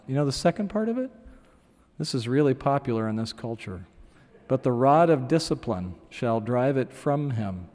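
A man's voice: a little high, expressive, moderate pace, darkish tone. A middle-aged man preaching a sermon in a conversational way, with asides and acted-out quotes. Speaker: pastor. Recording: hall reverb.

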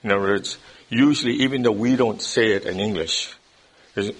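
A man's voice: lowish voice, steady tone, normal speed, husky. A man teaching a Bible study class in a classroom lecture style. He explains things step by step, often checks in with his listeners, and repeats words as he starts a thought.

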